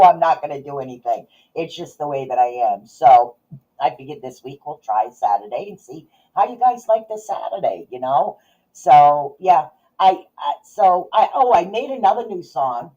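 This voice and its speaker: A middle-aged woman rambles through a casual livestream, laughing often. Her voice is mellow and a little husky. The audio is dull and lo-fi. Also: low-pitched, lively intonation, moderate pace. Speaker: podcast host and psychic reader.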